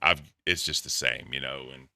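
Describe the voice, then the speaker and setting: Deep-voiced, profane podcast host. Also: male voice, fairly even intonation, normal speed, creaky, pushed and bright, dry recording, studio quality. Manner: profane, joking. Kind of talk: casual chat.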